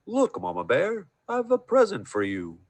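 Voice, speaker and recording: A man voicing a friendly, drowsy male bear who talks slowly and heartily. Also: high voice, wildly swooping pitch, no room sound, pitched above the performer's own voice, heavily acted. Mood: jolly.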